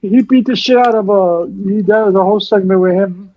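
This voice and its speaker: Fired-up guy with a high voice, cussing and recapping, kinda muffled dry audio. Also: fairly quick, dry recording. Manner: excitable, swears, retells scenes. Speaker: co-host. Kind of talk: casual wrestling chat.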